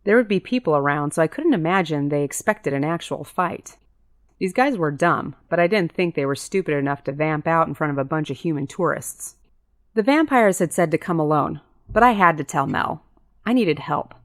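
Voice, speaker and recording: A woman with a fairly low voice reads a first-person audiobook. The sound is dry and close, with no room around it. She lifts her pitch to voice the characters in dialogue. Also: lively intonation, normal speed, no room sound. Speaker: audiobook narrator.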